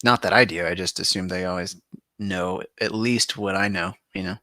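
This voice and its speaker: A man's voice: low voice, fairly even intonation, moderate pace, pushed and bright, no echo, studio quality. A man co-hosting a gaming podcast, easygoing in casual chat and laughing often. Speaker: podcast co-host. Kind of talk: casual chat reviewing gameplay.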